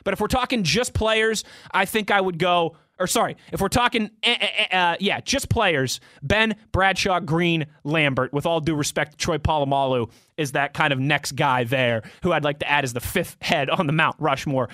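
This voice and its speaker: A young man with a high, bright voice talks sports off the cuff, rambling and restarting as he reads through fan tweets. The sound is dry and close, with no room around it. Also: moderate pace, few pauses, no echo. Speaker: podcast host answering fan tweets. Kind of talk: casual sports talk show chat.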